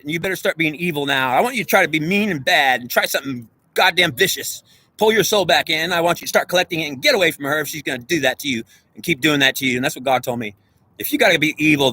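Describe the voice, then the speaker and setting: A man's voice: on the high side, sharp tone, breathy edge, no echo. A man delivering an intense, profane spiritual monologue straight at the viewer, lecturing and repeating himself. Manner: preachy, profane, repetitive, lecturing. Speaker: self-styled spiritual speaker.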